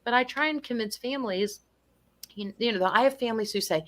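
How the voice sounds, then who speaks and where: A woman's voice: mid-range voice, lively intonation, brisk, fairly bright tone. A woman in her sixties, a nurse and guest, explaining dementia care earnestly and acting out the people she quotes. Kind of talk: casual conversation.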